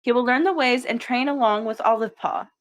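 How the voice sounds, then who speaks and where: A woman's voice: fairly high pitch, lightly acted. A woman voicing a commanding she-cat clan leader. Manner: measured and commanding. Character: calm authoritative female clan leader cat. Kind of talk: voiced fan-made cat movie.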